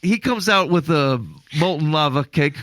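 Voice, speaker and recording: A man's voice: fairly high pitch, animated, normal speed, a bit bright, no echo, studio quality. A man hosting a podcast, from Iowa, telling a long rambling story in casual chat with laughs. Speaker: podcast host.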